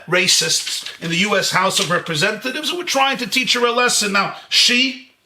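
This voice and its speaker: A man from Brooklyn, a rabbi telling a story in an animated lecture over a video call, full of rhetorical questions. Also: high voice. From Brooklyn, New York. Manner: animated, rhetorical questions, chuckles at own jokes.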